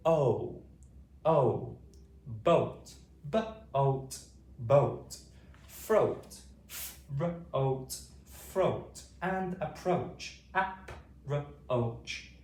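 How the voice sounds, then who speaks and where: A British man teaching phonics to adult learners, sounding out words slowly and clearly to the camera. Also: far from the mic. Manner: slow, drawn-out sounding-out of words with lively pitch. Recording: roomy echo, voice off-mic, faint ambience.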